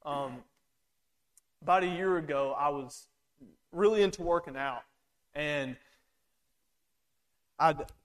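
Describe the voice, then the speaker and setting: A man's voice: fairly high pitch, takes it slowly, pauses often. A man preaching a sermon in a conversational way, acting out the lines of the people in the story. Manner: conversational, acts out quoted lines.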